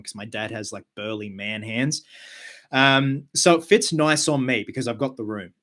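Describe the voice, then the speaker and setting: A man hosting a casual live stream, chatty with quick asides and fillers. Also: mid-range voice, a bit bright. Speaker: host of a live show.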